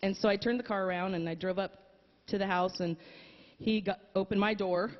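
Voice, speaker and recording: A woman's voice: medium pitch, fairly even intonation. Woman giving a eulogy in a reverberant hall. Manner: warm storytelling with pauses and fillers. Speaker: memorial speaker. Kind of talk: heartfelt eulogy and poem reading. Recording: dull audio with long hall reverb.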